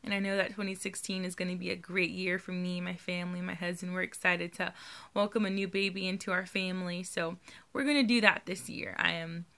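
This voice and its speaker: A woman's voice: on the low side, fairly even intonation, brisk, pushed and bright. A young adult woman speaking candidly and earnestly in a personal video diary, addressing her viewers directly. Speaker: vlogger.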